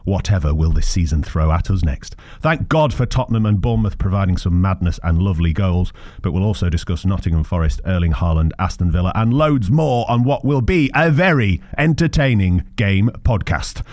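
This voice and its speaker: A man's voice: sits low, expressive, brisk, few pauses, a little mellow, no room sound, studio quality. A man hosting a football podcast, with wry, teasing banter. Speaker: podcast host. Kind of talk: casual football podcast chat.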